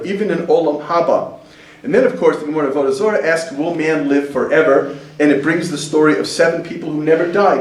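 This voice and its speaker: Middle aged guy teaching a class, jokey, does silly voices, kinda high, mic far off in a boomy room. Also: darkish tone, roomy sound. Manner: chatty and joking, acts out quotes in funny voices. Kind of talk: casual lecture to a class.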